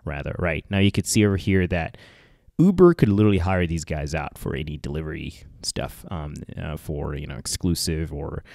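A man's voice: very deep voice, expressive, moderate pace, darkish tone, no echo, clean studio sound. A man from Africa giving a chatty, rambling commentary while browsing a website, often calling his viewers guys. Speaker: tech vlogger. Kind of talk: casual screen-share commentary.

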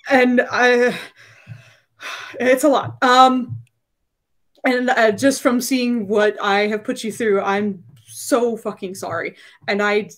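A woman voicing a frightened, remorseful man freed from mind control, who stammers out apologies. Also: on the high side.

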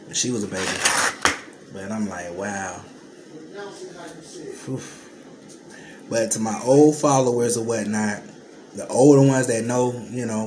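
Choked-up man vlogging to followers. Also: fairly low pitch. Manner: emotional, choked up, heavy sighs. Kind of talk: casual vlog to followers. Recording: noticeable room noise.

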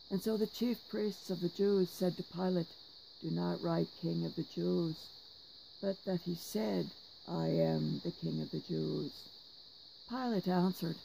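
Man, scripture reader, liturgical reading, very gravelly, dark mellow tone, measured delivery. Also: high-pitched, a little hiss or hum, rough recording.

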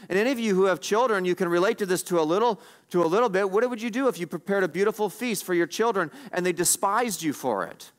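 High-voiced man preaching a sermon. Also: a bit bright. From Canada. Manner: earnest, asks the congregation repeated questions; slows right down to stress scripture. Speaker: pastor.

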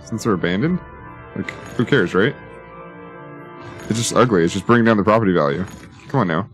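A lower-pitched man chats loosely over a city-building game, muttering to himself and cracking jokes as he plans roads and services. Faint music plays under his voice. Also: lively intonation, a little fast. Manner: rambling, joking, talks to himself while building. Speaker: gaming YouTuber. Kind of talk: casual let's-play commentary.

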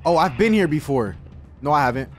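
Male let's-play host, high and very animated delivery, profane and jumpy, screams at scares, faint game music behind. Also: brisk. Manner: excitable, profane, yelps and shouts when startled. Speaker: gaming video host.

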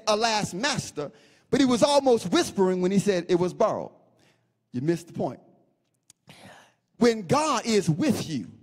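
A pastor preaching a sermon, swinging between sing-song chanting and shouts and repeating phrases for emphasis. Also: male voice, sits high, big-room sound.

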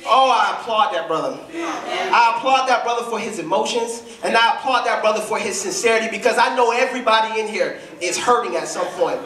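A man's voice: high-pitched, a little fast. Man, preacher, fervent sermon, heard from afar. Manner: impassioned call-and-response preaching, building to shouts. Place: church. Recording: echoey church hall, voice from a distance.

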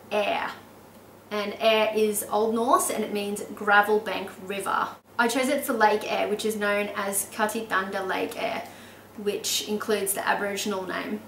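A woman's voice: mid-range voice, creaky, fairly bright tone, roomy sound, recorded from a distance, slight background noise, poor audio. An Australian woman talking casually and enthusiastically in a vlog, often laughing as she explains things. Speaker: baby name vlogger.

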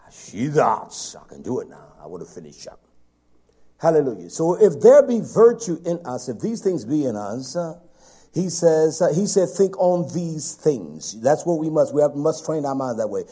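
A man preaching a sermon, swinging from loud emphatic lines down to soft whispers. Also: fairly high pitch, big pitch swings, normal speed, slightly rough.

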